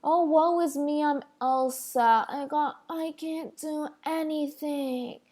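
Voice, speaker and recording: A woman's voice: high-pitched, takes it slowly, a little mellow. A woman mockingly voicing a moody, dramatic, self-pitying young queen in a whiny, sarcastic tone.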